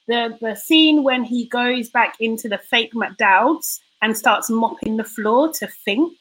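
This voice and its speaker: A woman's voice: fairly high pitch, unhurried, fairly bright tone, low-quality recording. A woman in a casual group chat, blunt and swearing freely. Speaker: podcast co-host.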